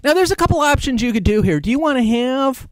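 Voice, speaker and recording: A man's voice: very high-pitched, animated, fast. A man casually talking viewers through drawing a face on a balloon in a live-stream tutorial, narrating each step as he goes. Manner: chatty, talks through each step as he draws.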